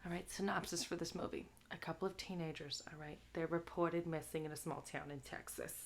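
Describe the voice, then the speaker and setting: A woman's voice: deep voice, steady tone, fairly quick, gravelly, a little hiss or hum. A young woman hosting a live movie stream, chatting crudely and tagging her lines with "all right?". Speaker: livestream movie host. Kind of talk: casual chat to a live audience.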